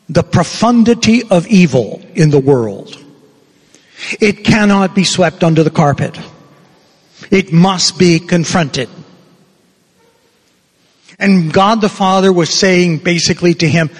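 Slow, husky older priest preaching. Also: male voice, high voice. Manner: slow, deliberate preaching with emphatic pauses. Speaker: parish priest. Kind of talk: sermon. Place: church. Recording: long church reverb.

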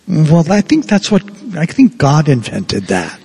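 Slow gravelly husky male preacher. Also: a little high, expressive. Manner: slow, earnest, drops to a soft hush for quoted words. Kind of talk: sermon. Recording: long reverb of a large hall.

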